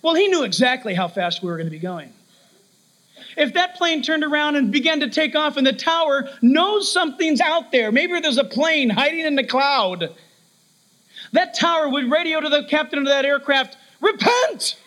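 A man preaching a sermon, telling stories with lively shifts of voice and acting out the people in them. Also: very high voice, moderate pace, poor audio. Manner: animated storytelling, acts out quoted voices.

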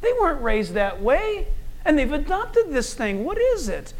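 A man preaching a sermon, animated and conversational, acting out quoted people and telling stories. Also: extremely high pitch, measured pace, a little hiss or hum. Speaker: pastor.

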